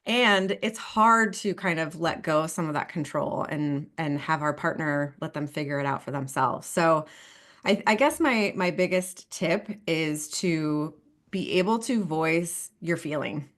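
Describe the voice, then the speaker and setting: A woman in her thirties speaks in a low, chatty voice as a couples therapist on a podcast. She laughs easily and keeps checking in with "right?" and "you know". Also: animated, a little slow, a bit bright. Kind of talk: podcast interview.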